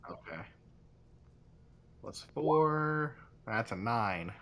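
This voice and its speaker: A man's voice: mid-range voice, lively intonation, extremely slow, a bit bright. A man playing in a tabletop game, talking casually and matter-of-fact about his character's actions. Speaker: player.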